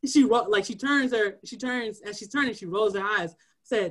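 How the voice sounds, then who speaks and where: Male elementary teacher, podcast co-host, high voice, firm and direct. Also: moderate pace, fairly bright tone. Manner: firm, acts out stern teacher lines in stories. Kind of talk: casual chat.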